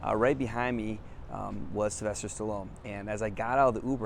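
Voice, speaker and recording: A man's voice: fairly low pitch, steady tone, fairly quick, few pauses, slight background noise. A middle-aged man, a business coach, telling a story to camera on a city sidewalk outdoors, upbeat and laughing often at himself.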